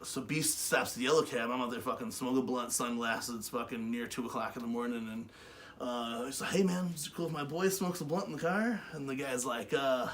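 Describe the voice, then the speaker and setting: A man casually telling stories as co-host of a webshow, animated and swearing, with loud bursts. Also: medium pitch, fairly quick, a little hiss or hum. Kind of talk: casual storytelling chat.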